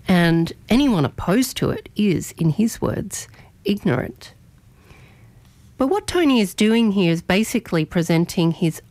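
A woman hosting morning radio, delivering an opinionated editorial in a measured, argumentative way and stressing key words. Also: fairly low pitch, no echo. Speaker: radio host.

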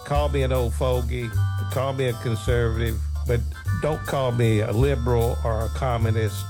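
A man's voice: medium pitch, fairly even intonation, moderate pace, over music. A middle-aged man co-hosting a radio show, chatty and opinionated as he tells stories. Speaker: radio co-host. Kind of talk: casual radio chat.

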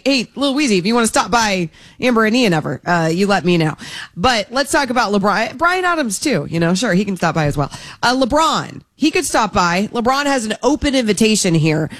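A woman co-hosting a sports talk radio show from the studio, chatty and playful even though she is feeling sick. Her voice sits in the middle range, recorded dry and close on a studio mic. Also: medium pitch, no room sound. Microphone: studio microphone.

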